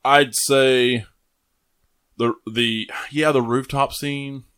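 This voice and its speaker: Bright-voiced man chatting casually. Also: medium pitch, fairly even intonation, extremely slow, clean tone. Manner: swears, laughs often. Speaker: podcast co-host. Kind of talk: casual movie chat.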